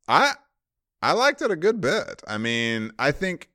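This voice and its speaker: Slow, lively-voiced teasing man. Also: on the high side, no echo, clean studio sound. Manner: playful, teasing. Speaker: podcast co-host. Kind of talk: casual film podcast chat.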